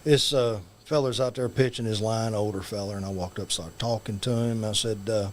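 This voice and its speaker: A man's voice: lowish voice, steady tone, a little fast, slight background noise. Folksy man spinning a yarn. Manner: drawling, folksy, jokey. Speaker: guest professional wrestler. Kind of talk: folksy storytelling and promo talk.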